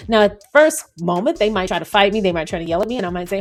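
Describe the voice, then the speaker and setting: A woman hosting a casual commentary monologue, animated and sarcastic as she acts out scenarios. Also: mid-range voice, quick pace, hardly any pauses, faint music behind. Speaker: commentary channel host.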